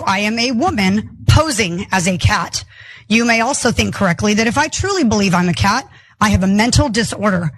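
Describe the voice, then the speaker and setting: A woman making a speech to a meeting, asking deliberate rhetorical questions. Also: mid-range voice, poor audio.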